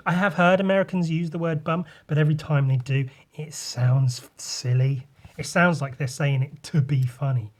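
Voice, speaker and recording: A man's voice: fairly high pitch, moderate pace. A young English man hosting a solo podcast, ranting sarcastically with lots of swearing while he draws. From England. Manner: talks while drawing. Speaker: podcast host, artist.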